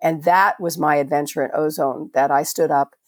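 A woman's voice: low voice, fairly even intonation, moderate pace, dry recording, clean studio sound. An older woman from Florida, a veterinarian guest on a podcast, telling stories in a passionate, conversational way with frequent restarts. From Florida, USA. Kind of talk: podcast interview storytelling.

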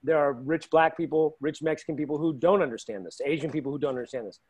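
Man, high voice, animated storyteller, coach in a casual panel chat. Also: quick pace, slightly rough. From Los Angeles. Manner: animated, acts out quotes with raised pitch. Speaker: fight coach and show regular.

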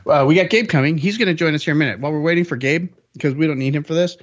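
A man with a slightly high voice hosts a podcast at a racing pace, rambling along in an easygoing, upbeat way. He often corrects himself mid-sentence in this casual chat, and the recording sounds a bit dull and lo-fi.

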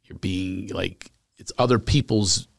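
A man, a stand-up comic, chatting casually and telling animated stories, acting out the people he quotes. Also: low-pitched, unhurried, gravelly, no echo, clean studio sound. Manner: animated storyteller, acts out quotes. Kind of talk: casual podcast chat.

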